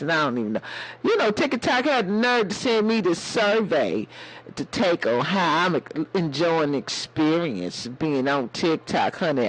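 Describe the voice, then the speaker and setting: A man's voice: on the high side, vocal fry, slightly rough, low-quality recording. A man hosting a casual livestream chat in a sassy way, calling his viewers baby and honey. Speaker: livestream host.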